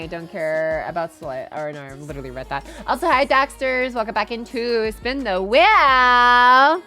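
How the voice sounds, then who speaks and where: A woman's voice: on the low side, a bit bright. A woman streamer with a Southern US accent, chatting in a loose, rambling way and swearing casually on a livestream.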